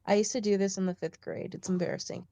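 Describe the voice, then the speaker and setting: A woman's voice: medium pitch, fairly even intonation, fast talker, warm tone, a little hiss or hum. Playful woman, lo-fi recording. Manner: playful, does funny voices. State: a little sick. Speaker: podcast co-host. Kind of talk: casual chat. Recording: dull lo-fi sound, dry room.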